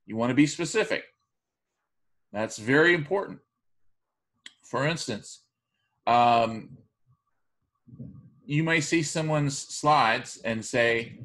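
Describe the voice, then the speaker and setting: A male college instructor giving a recorded online lecture, speaking in a measured way with frequent fillers and restarts. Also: medium pitch, fairly bright tone.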